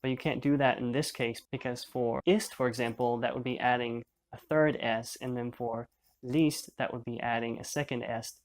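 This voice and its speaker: A man at an ordinary middle pitch teaches a beginner language lesson. He explains each point patiently and step by step. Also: steady tone, moderate pace.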